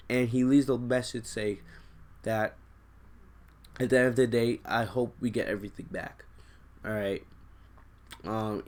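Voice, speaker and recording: Excited young man recapping a film. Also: medium pitch. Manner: excited, rambling retelling with many restarts. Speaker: YouTube host.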